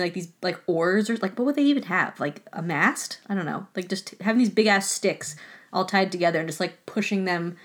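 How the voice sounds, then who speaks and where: A woman hosting a podcast, telling a history story in a casual, chatty way, full of filler words and swearing. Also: medium pitch. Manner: chatty and profane, heavy use of filler words. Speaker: podcast host.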